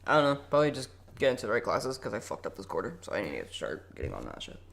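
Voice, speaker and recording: A man's voice: on the low side, wildly swooping pitch, racing, creaky, a bit bright. A nineteen-year-old man co-hosting a casual podcast, rambling and swearing a lot. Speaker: podcast co-host. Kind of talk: casual joking chat.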